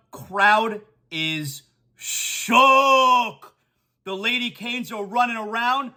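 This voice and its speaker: Male sports talk host, solo show, bright tense voice, animated, repeats himself. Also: very high-pitched, very slow. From South Florida.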